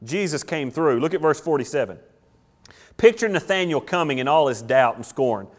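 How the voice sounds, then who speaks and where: A male pastor delivers an animated sermon. His voice sits a little higher than most men's. He acts out quotes as he preaches. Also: normal speed.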